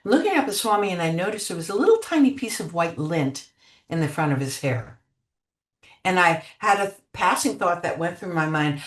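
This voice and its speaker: An older woman telling spiritual memories as an interview guest, gentle and unhurried, trailing off with many fillers. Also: lowish voice, sing-song. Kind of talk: reflective spiritual storytelling. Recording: echoey room.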